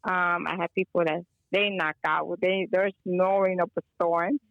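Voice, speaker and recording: A Chicago woman, an energy healer, calls in as a guest for a casual phone-in chat, telling a rambling story and slipping Spanish phrases into her talk. Her voice is fairly low with vocal fry and little pitch movement, at a measured pace. The phone-call audio is dry, narrow, and tinny.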